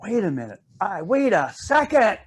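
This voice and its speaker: A man's voice: high-pitched, big pitch swings, normal speed, slightly rough, voice pushed up, heavily acted. A man voicing a playful, scheming little girl who muses over how to get what she wants. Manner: musing, crafty.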